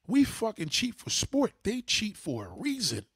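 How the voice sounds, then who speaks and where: A man's voice: wildly swooping pitch, a little slow, a bit bright, breathy edge, dry recording, clean studio sound. A man hosting a livestream, giving blunt, profane advice to his viewers in a casual, preachy way. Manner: mimics others in higher pitch. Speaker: livestream host.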